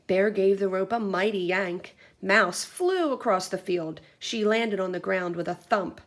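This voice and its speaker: A young woman teacher reads a picture book aloud to her class, speaking slowly and gently. She explains things clearly for young children, her pitch sitting in a middle range.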